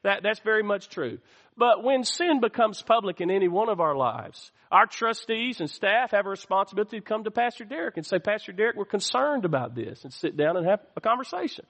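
A man's voice: high voice, expressive, fairly quick, a bit bright, big-room sound. A man preaching a sermon as pastor, calling out to the church and asking for amens. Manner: call-and-response preaching, asks the church for amens. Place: church sanctuary.

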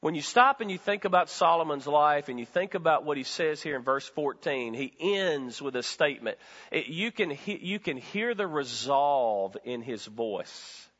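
A man preaches a sermon in a church with a bright, forceful voice that sits a little high. His delivery is animated, climbing to loud bursts and then sinking into hushed, low-voiced stretches. The sound is dull and rings with a long hall reverb. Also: moderate pace. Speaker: pastor. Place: church sanctuary.

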